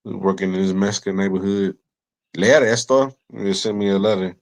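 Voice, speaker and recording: A man's voice: deep voice, monotone, fast, creaky, a little mellow. A man explaining at length in casual podcast chat, rambling and profane with many fillers. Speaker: podcast co-host.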